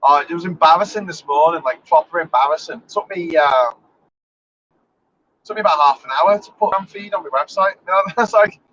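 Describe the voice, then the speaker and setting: Behind the wheel, a man from England runs a casual driving monologue for his live stream, sarcastic, offhand and full of swearing. He sounds brisk, bright and forceful, his voice on the high side. The highs are cut off and there's slight background noise.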